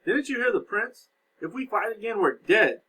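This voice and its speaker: A man doing a loud, commanding lord of the house. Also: high voice, expressive, normal speed, breathy edge, voice pushed up, exaggerated voice, rough recording. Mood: scolding. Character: stern older nobleman lord of the house.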